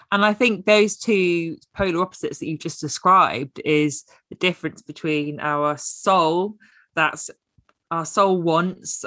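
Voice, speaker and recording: Woman coach chatting, low voice, dry close sound, laid back and thoughtful. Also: no echo. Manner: relaxed, reflective, laughs easily. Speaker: guest, coach. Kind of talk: casual chat.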